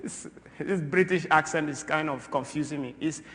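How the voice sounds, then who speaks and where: A man from Ghana giving an impassioned talk in a church, swinging between loud, forceful bursts and quiet asides. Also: a little high, moderate pace. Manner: animated, swings from loud to soft. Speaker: speaker at a church. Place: large church. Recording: long reverb of a large church.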